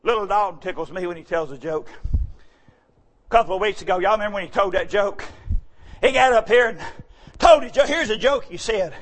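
Man preaching folksy jokes from the pulpit, animated, breaks into shouts, high-pitched. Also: brisk, pauses often. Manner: animated, often shouting, joking. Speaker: church speaker. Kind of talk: folksy joking sermon.

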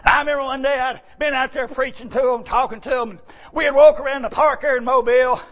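A male preacher telling a story in a folksy sermon, swinging between hushed tones and shouts. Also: very high-pitched, fairly even intonation, fast.

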